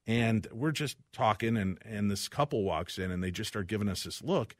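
A male radio host telling funny personal stories in a relaxed studio chat. He jumps between his own voice and the people he quotes, with a lively rise and fall. The sound is dry and close to the mic. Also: fairly low pitch, normal speed, dry recording. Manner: animated storyteller, acts out quoted voices.

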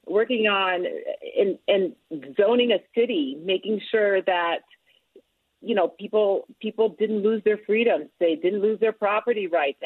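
A woman's voice: medium pitch, husky, no echo. A woman guest being interviewed, telling her story in an earnest, emphatic way. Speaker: guest, author and former politician. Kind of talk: conversational interview. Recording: tinny phone line.

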